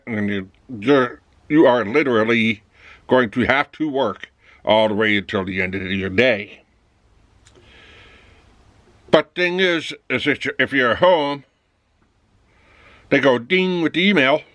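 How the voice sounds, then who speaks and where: A man's voice: mid-range voice, a little slow, pauses often, a bit bright, no echo. A man talking casually in a rambling monologue, acting out both sides of little office dialogues. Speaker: vlogger.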